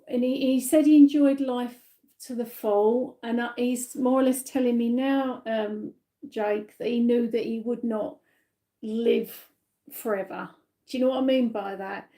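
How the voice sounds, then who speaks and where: A woman from the UK giving a live-stream psychic reading, gentle and reassuring, with many fillers and tag questions, a little tired. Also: fairly high pitch. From United Kingdom. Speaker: psychic medium.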